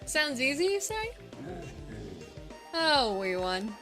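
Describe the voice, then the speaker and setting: A woman's voice: sits high, sing-song, takes it slowly, music in the background, heavily acted. A woman voicing a cursed, resigned Scottish ghost who runs a golf shop, in a patchy put-on Scottish accent that slides toward Irish and British. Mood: theatrical. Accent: attempted Scottish, mixed with Irish and British. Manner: theatrical reading of game dialogue.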